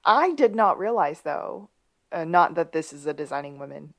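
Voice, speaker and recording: A woman with a somewhat low voice co-hosts a casual podcast. She recaps a TV episode in relaxed, chatty talk, slipping in dry asides. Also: normal speed. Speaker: podcast co-host.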